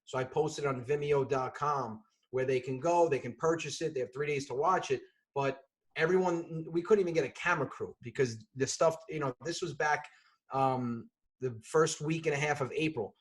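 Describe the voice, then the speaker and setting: A man spins a comic story at speed, animated and quick to burst into shouting. His voice sits a touch high for a man, and he talks over a video call on his computer. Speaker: comedian and guest. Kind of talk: comedic storytelling on a podcast.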